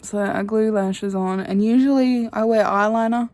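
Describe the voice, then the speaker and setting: Young woman, phone vlog, candid rambling chat, drifts soft at line ends. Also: on the high side, steady tone, normal speed. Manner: rambling and candid, trailing off quietly. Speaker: vlogger. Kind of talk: casual chat to camera. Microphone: phone held at arm's length.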